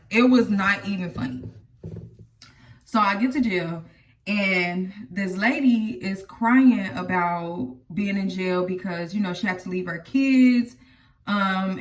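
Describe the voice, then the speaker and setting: A woman chats through a personal story to camera, often addressing her viewers directly. Her voice sits in a middle pitch and is picked up from a little way off the mic. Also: far from the mic. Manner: chatty, talks straight to viewers. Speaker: vlogger telling her life story.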